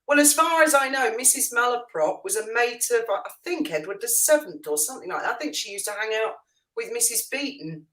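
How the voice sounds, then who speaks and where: A woman's voice: a little high, animated, a little fast, fairly bright tone, poor audio. A woman chatting casually as a guest on a livestream, easygoing and self-deprecating. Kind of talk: casual chat.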